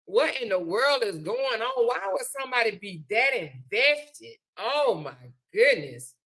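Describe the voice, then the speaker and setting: A woman's voice: fairly high pitch, big pitch swings, measured pace, a bit bright, slightly rough. A middle-aged woman hosts a live stream, giving sassy, preachy advice and calling her viewers honey and child. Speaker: livestream host. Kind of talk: casual live-stream chat.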